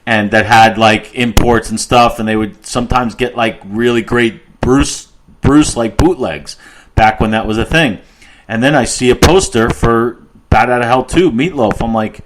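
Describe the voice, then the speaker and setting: A man's voice: mid-range voice, normal speed, a little hiss or hum, low-quality recording. A middle-aged man co-hosting a music podcast, telling rambling stories with restarts and an easy laugh. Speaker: podcast co-host. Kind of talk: casual music podcast chat.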